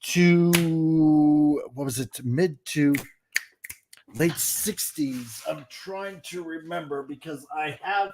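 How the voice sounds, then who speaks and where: Eager man with a fairly high voice. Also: slow pace, a little mellow, a little hiss or hum. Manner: eager, stumbling over restarts and fillers. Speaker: podcast guest. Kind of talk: casual chat.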